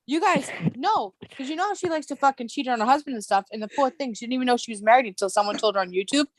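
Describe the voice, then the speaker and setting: A woman's voice: on the high side, fast talker, no echo. A woman hosting a casual livestream chat, talking bluntly and swearing constantly as she rants. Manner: blunt, heavy swearing, animated ranting. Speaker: live stream host.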